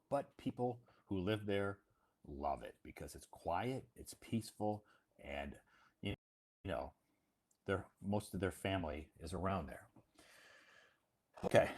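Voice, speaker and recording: Deep-voiced man teaching. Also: darkish tone, husky. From United States, Iowa. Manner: repeats phrases and checks understanding with "okay?". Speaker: English-learning host. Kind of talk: casual spoken lesson for English learners.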